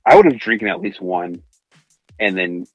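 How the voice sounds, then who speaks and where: A man's voice: deep voice, lively intonation, normal speed, no echo, faint music behind, low-quality recording. A young man hosting a casual podcast film review, laughing often and acting out movie lines in put-on voices. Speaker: podcast host.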